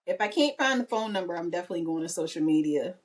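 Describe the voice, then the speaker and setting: A woman's voice: lowish voice, expressive, fast talker, crowd noise. A woman in her early thirties co-hosting a casual podcast, talking in a playful, teasing way. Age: 30s. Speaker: podcast co-host. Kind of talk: casual chat.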